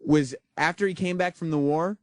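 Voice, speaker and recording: A man's voice: a little high, normal speed, dry recording. A man hosting a radio show, chatting and teasing his co-host in casual studio banter, with many fillers.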